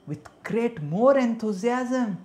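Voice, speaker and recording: A man telling a devotional story as a sermon, animated and dramatic, dropping to soft asides. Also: very high-pitched, slow. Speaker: preacher.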